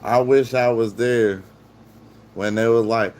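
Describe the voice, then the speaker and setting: A man's voice: lowish voice, normal speed, a little hiss or hum. A man chatting casually and jokingly on a live stream, rambling and swearing freely.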